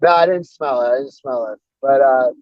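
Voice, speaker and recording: A man's voice: mid-range voice, a little fast, dry recording. Swearing man telling a story, lo-fi. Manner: profane, laid-back storyteller. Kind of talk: casual chat, storytelling.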